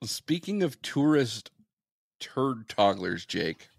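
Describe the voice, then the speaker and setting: A man's voice: medium pitch, sing-song, slow pace, creaky, no echo. A man co-hosting a podcast, rambling through crude jokes in casual chat. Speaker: podcast co-host. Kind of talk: casual banter.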